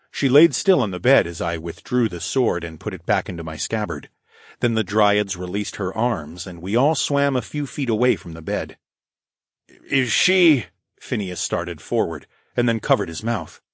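Low-voiced man narrating an audiobook. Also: no room sound, clean studio sound. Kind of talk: first-person fantasy audiobook narration.

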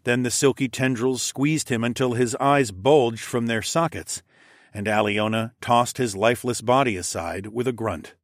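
A man's voice: mid-range voice, normal speed, no echo. Man narrating an audiobook, dry sound. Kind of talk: scripted first-person narration.

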